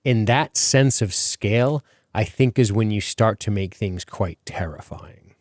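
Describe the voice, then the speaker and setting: A man's voice: fairly low pitch, a little slow, a little mellow, dry recording. A man hosting a podcast in casual chat, rambling with many fillers and casual swearing. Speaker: podcast host.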